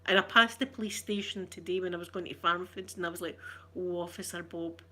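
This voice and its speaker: A woman's voice: on the low side, steady tone, quick pace, noisy background. Chatty Scottish woman rambling to viewers. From Scotland. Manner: rambling, chatty and self-teasing. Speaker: ASMR streamer chatting with viewers. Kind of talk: casual livestream chat.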